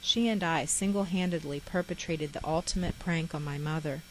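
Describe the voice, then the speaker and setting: A woman reading her own memoir aloud in a measured, reflective way. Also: low-pitched, a little hiss or hum, low-quality recording. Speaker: memoir author.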